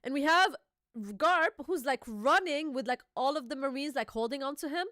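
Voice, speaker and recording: A woman hosting a casual reaction chat, excitable, swearing freely and laughing often. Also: sits high, normal speed, no echo, studio quality. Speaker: host.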